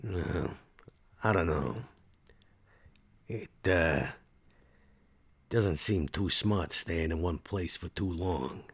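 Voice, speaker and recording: A man's voice: low-pitched, drawn-out words, long pauses, breathy edge, heavily acted. A man voicing a guarded, world-weary father on the run, with a laid-back drawl, in a tabletop role-play.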